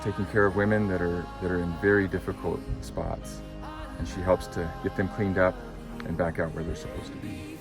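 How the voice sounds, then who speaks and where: A man talking to camera in a hiking vlog, in an earnest, grateful way. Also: deep voice. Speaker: hiker vlogger. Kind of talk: vlog talk. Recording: clear background music.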